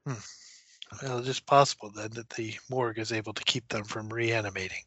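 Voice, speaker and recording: A man playing a tabletop role-play game, speaking in a polite, measured way. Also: lowish voice, fairly even intonation, a bit bright, husky, no echo, dull audio. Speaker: player.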